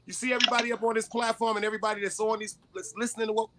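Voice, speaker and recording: A man hosting a live stream show, chatting casually and hyping up his guests as he shouts them out. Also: high voice, level tone, racing. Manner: hyped, shouts people out. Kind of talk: casual chat.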